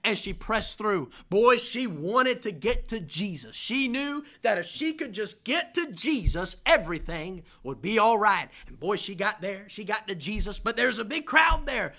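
A man's voice: sits high, animated, normal speed, few pauses, bright, forceful tone. A young man preaching a fervent sermon, building emphasis through repeated phrases. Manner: fervent, repetitive preaching cadence with rising emphasis.

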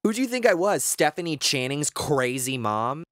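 A cocky teenage prankster boy, as a man puts him on, pitched well above a man's everyday voice and full of swagger. He teases and laughs through his lines in a spooky storybook tale, over a close, dry recording. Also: very animated, normal speed, fairly bright tone, no echo. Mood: mocking. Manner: teasing, laughing.

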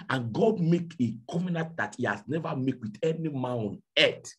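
A man preaching a sermon, telling a story dramatically and swinging from hushed to shouting. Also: mid-range voice, animated, moderate pace. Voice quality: very husky. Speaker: pastor.

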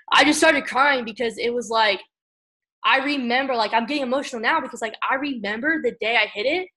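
A woman leading an online group call with a motivational pep talk, energetic and at times tearful, often calling everyone guys. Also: medium pitch. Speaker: team leader on a group call.

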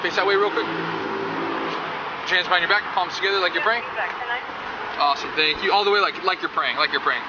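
A man working as a police officer, talking outdoors on a city street with brisk, reassuring commands. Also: high-pitched, dull audio, very noisy. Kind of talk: street stop conversation.

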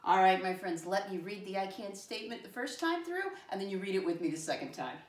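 A woman teacher giving a lesson to young children, encouraging and slow, spelling words letter by letter and asking many questions. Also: mid-range voice, very animated. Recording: echoey room from far off.

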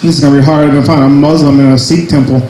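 A man's voice: fairly high pitch, level tone, quick pace, roomy sound, background noise. A young man doing a crude, self-mocking stand-up set at an open mic, full of jumpy asides. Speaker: stand-up comedian. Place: small cafe comedy night.

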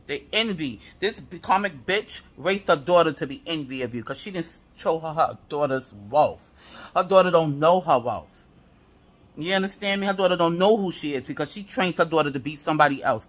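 High-voiced man giving a heated tarot reading. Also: a bit bright. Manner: heated, profane, repetitive affirmations. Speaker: tarot reader.

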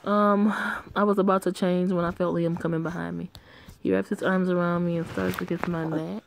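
Gravelly low-voiced woman gaming. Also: flat delivery, brisk, a little hiss or hum. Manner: blunt, profane, talks back at the characters. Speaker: gamer reading a story game aloud. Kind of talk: casual play-through commentary.

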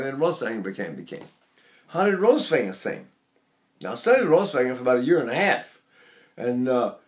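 An older man teaching singing, talking in a rambling, anecdotal way and breaking off to demonstrate sounds. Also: medium pitch. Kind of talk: spoken singing lesson.

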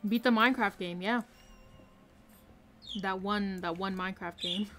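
A woman streaming a game live from her room, excitedly commenting and repeating herself with hyped exclamations. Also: mid-range voice, measured pace, slight background noise. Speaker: gaming streamer.

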